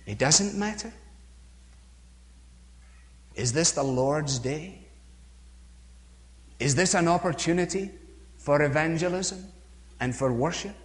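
A man's voice: a little high, expressive, slow, pauses often. A man preaching a sermon, emphatic, with rhetorical questions and acted-out quotes, recorded in a church with a long reverb.

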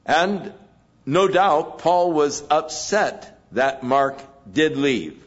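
A man preaching an expository sermon in a measured way, pausing between phrases. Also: a little high, expressive, muffled recording. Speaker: pastor.

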